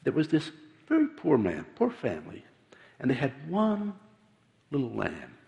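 A man voicing a stern old prophet rebuking a king, speaking in slow, solemn pronouncements. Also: mid-range voice, wildly swooping pitch, creaky, warm tone, muffled recording, exaggerated voice. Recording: long hall reverb.

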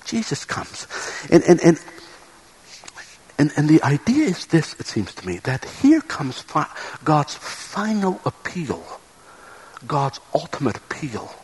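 A man's voice: on the high side, huge pitch swings, slow, pauses often, darkish tone, husky, rough recording. A man preaching a sermon in an earnest way, often repeating words as he builds a point.

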